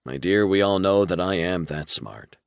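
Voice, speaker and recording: A man's voice: low voice, expressive, moderate pace, creaky, clear, resonant tone, dry recording, studio quality. A male audiobook narrator voicing an arrogant male scientist who speaks with haughty condescension. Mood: condescending.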